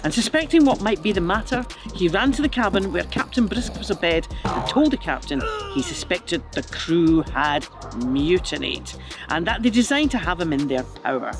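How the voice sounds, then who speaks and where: A man's voice: high-pitched, sing-song, fairly quick, few pauses. A man narrating a comic history story with playful, chatty asides to the listener. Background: music.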